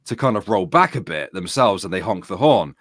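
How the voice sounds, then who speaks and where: A man's voice: low-pitched, fairly quick, dry recording, clean studio sound. British guy in his 30s, chatty and rowdy, bouncy voice, no room sound. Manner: animated, swears freely, acts out shouting in his stories. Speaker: streamer and co-host. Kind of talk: casual storytelling chat.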